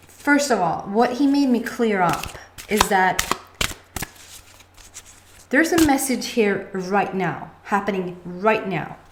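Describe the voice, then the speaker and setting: A woman tarot card reader talking casually to her viewers in a rambling, chatty way, full of restarts and asides. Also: medium pitch. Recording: echoey room with noticeable background noise.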